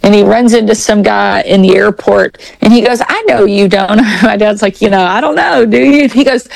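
Gravelly-voiced woman telling family stories. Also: mid-range voice, moderate pace, few pauses, dry recording, rough recording. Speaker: governor, interview guest. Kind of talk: casual interview chat.

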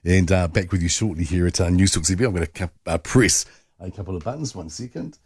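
A man's voice: deep voice, fast talker, husky, dry recording, studio quality. A man with a New Zealand accent hosting overnight talkback radio, chatty and rambling with many fillers. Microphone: studio microphone.

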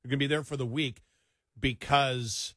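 A man's voice: mid-range voice, steady tone, normal speed, a bit bright, no echo, clean studio sound. A man who hosts a national radio talk show, telling a workplace story in casual chat, animating it by acting out the dialogue and often repeating words.

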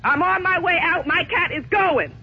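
A woman's voice: very high-pitched, normal speed, vocal fry. Indignant woman on a muffled phone line. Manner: indignant, stubborn, keeps repeating herself. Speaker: prank call target. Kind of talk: phone call.

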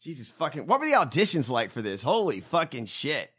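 Guy ranting in disbelief, swears a lot, bright voice, lively pitch jumps. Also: a little fast, slightly rough. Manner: incredulous, profane ranting. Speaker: podcast host. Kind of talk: casual profane commentary.

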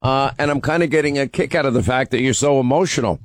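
A man's voice: medium pitch, quick pace, no room sound. Combative male talk radio host. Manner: combative, needling.

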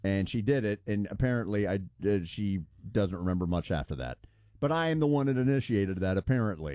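Radio guy telling a story, pitch all over the place, dry close sound. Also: a little fast, no echo. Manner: animated storyteller, acts out quotes. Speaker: radio show co-host. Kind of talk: casual on-air banter.

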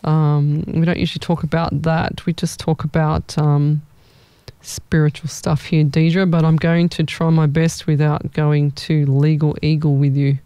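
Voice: mid-range voice, little pitch movement, unhurried, mellow, smooth, no echo. A young adult, hosting a live stream as a psychic medium in a casual, rambling way that thinks aloud.

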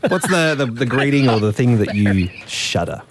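A man's voice: medium pitch, animated, normal speed, very noisy. A man co-hosting a radio show, reading out the phone number. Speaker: radio co-host. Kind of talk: casual banter on air.

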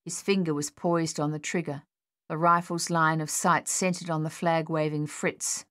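With a low voice, a woman reads an audiobook in a calm, steady narrative manner. The audio is clean studio quality without echo.

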